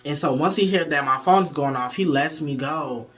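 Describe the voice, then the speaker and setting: A man telling a story to viewers in a casual, profane, animated way, speaking straight to the audience. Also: fairly high pitch, moderate pace, soft background music.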